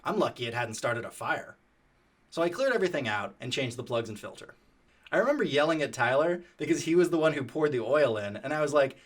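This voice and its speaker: A man narrating a story in a casual, animated, profane conversational way. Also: medium pitch, brisk.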